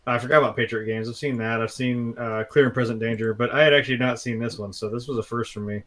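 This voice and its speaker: A man co-hosting a casual film chat, relaxed and hesitant, with many fillers. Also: mid-range voice, fast talker. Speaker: co-host. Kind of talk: casual movie review chat.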